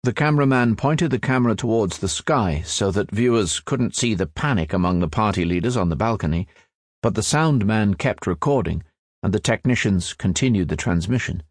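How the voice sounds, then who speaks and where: A man narrates nonfiction in a measured, even way, like a scripted audiobook reading. His voice sits on the low side. The recording is dry, with almost no room sound. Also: no room sound. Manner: measured, even storytelling delivery.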